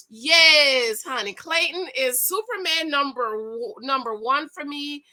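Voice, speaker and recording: Female vlogger, casual recap chat, slightly high, bright tone; effusive, rambling, self-correcting. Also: slow, few pauses.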